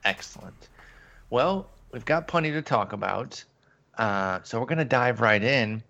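Gravelly-voiced man hosting a podcast. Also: medium pitch, lively intonation, a little slow, bright, forceful tone, highs cut off. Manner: jokey, rambling, laughs easily. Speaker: podcast host. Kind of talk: casual sports podcast chat.

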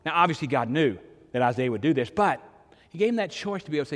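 A man's voice: fairly high pitch, animated, fast, big-room sound. An older man, preaching a sermon in a conversational storytelling way, with sudden emphatic rises. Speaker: pastor.

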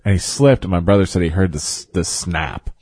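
A man's voice: low voice, normal speed, darkish tone, slightly rough, dry recording. A man in crude, casual banter as a podcast co-host, blunt and profane, reacting to his partner and telling short stories.

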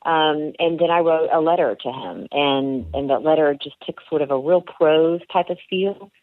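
A woman's voice: deep voice, normal speed, dry recording. A woman being interviewed about her writing and career, talking candidly and rambling with many restarts and fillers. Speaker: actress and author being interviewed. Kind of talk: candid radio interview answers. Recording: phone-like narrow band, dry.

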